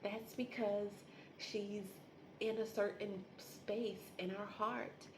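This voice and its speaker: A woman voicing a calm, patient witch woman from a TV show, speaking softly and unhurriedly. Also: medium pitch, a little hiss or hum, lightly acted. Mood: calm patience. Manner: soft, unhurried, reassuring.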